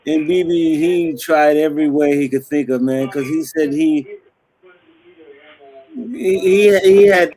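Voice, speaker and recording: A man hosts a relaxed interview, tossing in playful jokes. His pitch sits a bit above the usual male range. The talk stays loose and conversational throughout. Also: takes it slowly, pauses often, poor audio. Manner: joking, playful. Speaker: host. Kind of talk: casual interview chat.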